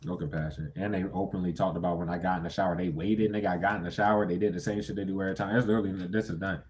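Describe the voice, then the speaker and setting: A man's voice: low-pitched, fairly even intonation, very fast, darkish tone, slight background noise. A young man giving a casual tarot reading, talking bluntly and with heavy profanity, breaking into sudden incredulous outbursts. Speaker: tarot reader.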